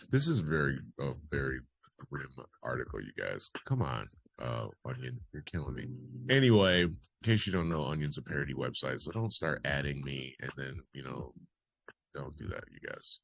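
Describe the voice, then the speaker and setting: Deep-voiced man hosting a wry news podcast. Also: expressive, normal speed, gravelly, fairly bright tone, no echo. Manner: wry, chatty asides while reading. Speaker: podcast host. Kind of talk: casual news commentary.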